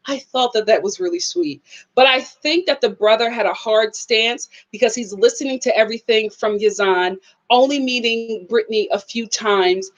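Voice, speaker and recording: A young woman casually reviewing a reality TV episode, animated and sassy, often laughing and acting out what people said. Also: fairly high pitch. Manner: animated, laughing, acts out quotes, sassy asides. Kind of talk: casual live review chat.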